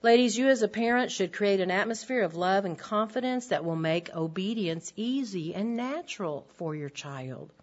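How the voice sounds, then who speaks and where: A woman's voice: medium pitch, lively intonation, moderate pace, few pauses. An older woman giving an earnest, direct Bible lesson to women, with frequent ums. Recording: dull lo-fi recording.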